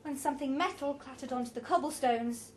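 A woman's voice: sits high, brisk, slight background noise. A woman reading a story aloud with a dramatic, varied delivery.

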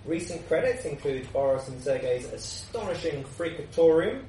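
A host giving a measured introduction of a performer at a live event. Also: medium pitch, expressive, mellow, a little hiss or hum. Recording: roomy, distant live recording.

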